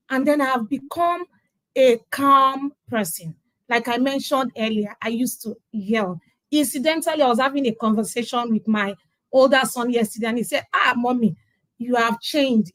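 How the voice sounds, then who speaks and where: A woman's voice: a little high, no echo, rough recording. A middle-aged Nigerian woman, a guest on an interview, telling her story emphatically and acting out quoted dialogue. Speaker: interview guest sharing her parenting journey. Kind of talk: conversational testimonial.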